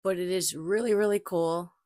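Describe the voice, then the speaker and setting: Casual woman vlogger host, low-pitched, dry close desk mic, chatty and repetitive. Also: moderate pace, dry recording. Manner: chatty, animated storytelling, repeats herself. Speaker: paranormal channel host. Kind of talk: casual chat to camera.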